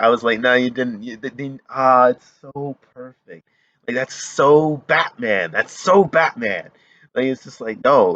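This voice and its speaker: Lowish-voiced guy gushing over a trailer, rambly, lots of "like", dry sound. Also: no room sound, highs cut off. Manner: excitable, rambling, lots of "like" and restarts. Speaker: reaction video host. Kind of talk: casual trailer reaction.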